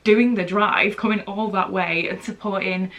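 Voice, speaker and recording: A young woman from England chatting to camera in a casual vlog at home, emotional and quick to laugh. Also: mid-range voice, fairly even intonation, fairly bright tone. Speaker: vlogger and market organiser. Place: home, indoors.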